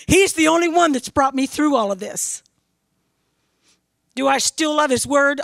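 A woman's voice: sits high, a little slow, vocal fry, long pauses, a bit bright, no echo, studio quality. A middle-aged woman from Missouri giving an earnest, emphatic spoken testimony about her faith as a grieving mother.

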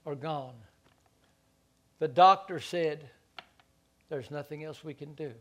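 A man preaching a sermon as pastor, stammering into repeated words and moving between quiet asides and loud stretches. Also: fairly high pitch, takes it slowly, pauses often.

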